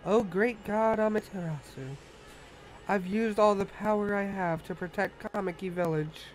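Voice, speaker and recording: A man's voice: sits high, slight background noise, lightly acted, rough recording. A man reading a serene female tree spirit. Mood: pleading. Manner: slow, solemn and reverent. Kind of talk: reading game dialogue aloud.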